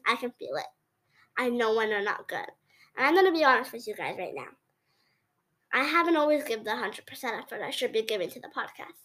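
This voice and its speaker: Female solo podcaster, high pitch, sincere personal tone. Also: pushed and bright. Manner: earnest and confessional. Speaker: podcast host.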